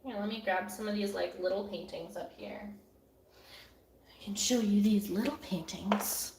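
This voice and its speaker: A woman's voice: medium pitch, steady tone, moderate pace, background noise. Woman painter, chatty live-stream host, laughs a lot, mid-range voice in an echoey room. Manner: chatty, laughs often, many "like" fillers. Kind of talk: casual live-stream chat. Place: home studio room.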